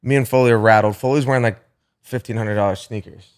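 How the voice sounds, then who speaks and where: A man's voice: on the low side, fairly even intonation, fast. A young man telling a story to his friends in casual chat, full of swearing and filler words.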